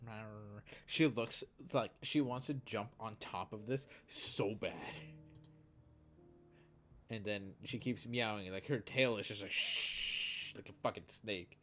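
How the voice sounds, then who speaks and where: A man streaming a video game, chatting in a relaxed, casual way and swearing now and then. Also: on the low side, a little slow. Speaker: gaming streamer. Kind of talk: casual live-stream commentary. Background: game music.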